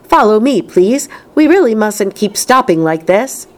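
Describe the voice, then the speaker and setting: A woman voicing a brisk, bossy, eccentric man in a storybook reading, emphatic and chirpy. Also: mid-range voice, very animated, a little mellow, pitched above the performer's own voice.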